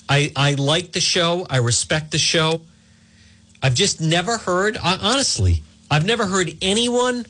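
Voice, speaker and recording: This talk radio host's voice runs high, with a fairly bright tone and a husky quality. In his opinionated monologue he argues combatively, repeats his points, and fires rhetorical questions.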